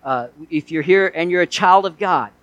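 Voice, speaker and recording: A man's voice: high voice, normal speed, a bit bright, dry recording, highs cut off. A male pastor preaching a sermon in an earnest way, asking his listeners one rhetorical question after another.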